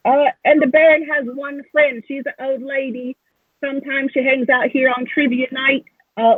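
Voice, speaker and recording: A woman's voice: high-pitched, dry recording, pitched above the performer's own voice. A woman voicing a plucky halfling girl thief who lays out a heist plan in chatty, slangy talk. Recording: tinny phone-like line.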